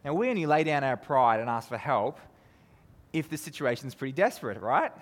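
Aussie pastor preaching, earnest, mid pitch, big long echo of a hall. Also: male voice, very animated, a little fast. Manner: earnest, builds to emphatic peaks then drops low; conversational, asks the audience tag questions. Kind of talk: sermon.

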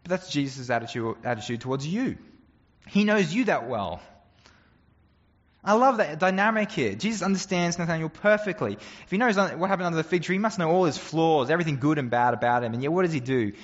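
Earnest pastor preaching in a hall. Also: male voice, a little high, expressive, fairly quick, muffled recording. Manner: conversational, earnest, with rhetorical questions. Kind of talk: sermon.

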